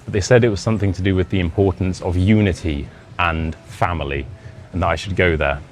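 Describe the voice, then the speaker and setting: A man's voice: low-pitched, fairly even intonation, a little fast, slight background noise. A young British man with a Modern RP accent, an English teacher casually telling a self-deprecating personal anecdote. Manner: chatty, self-deprecating, acts out quoted dialogue.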